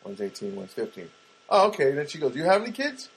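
A man's voice: fairly high pitch, fast talker, slightly rough, rough recording. A middle-aged man telling rambling personal anecdotes in a casual monologue, often restarting and correcting himself. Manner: rambling, self-correcting, animated when quoting others. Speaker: storyteller.

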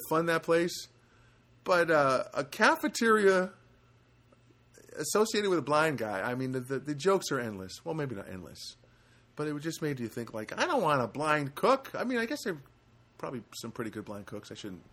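A man's voice: fairly high pitch, a bit bright. A middle-aged man telling a rambling personal anecdote in a casual monologue, wry and joking, with frequent restarts. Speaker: storyteller.

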